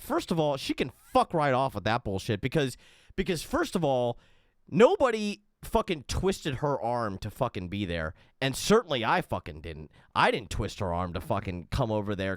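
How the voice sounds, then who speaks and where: A man's voice: mid-range voice, dry recording, clean studio sound. A man giving a heated, profane reaction commentary as the host of an online show. He swears constantly and stammers and restarts when he gets worked up.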